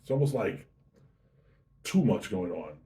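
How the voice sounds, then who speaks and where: A man's voice: low-pitched, sing-song, unhurried, warm tone. A man hosting his own whiskey review show, chatting casually and easygoing as he tastes and describes a drink. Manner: chatty, easygoing, self-correcting.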